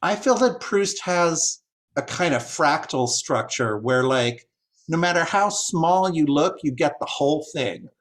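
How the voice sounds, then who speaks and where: A man's voice: a little high, lively intonation, unhurried, a bit bright. A man speaking as a guest translator in a discussion, musing and hesitant, with many "like"s as he works through ideas. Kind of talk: discussion talk, thoughtful.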